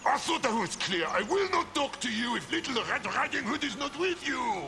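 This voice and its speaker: A haughty fairy-tale wolf with a thick French accent, speaks in clipped, aloof lines. The voice sits very high and swings around in pitch, with a bright edge. Soft game music plays underneath. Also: male voice, very animated, normal speed, exaggerated voice. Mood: cold.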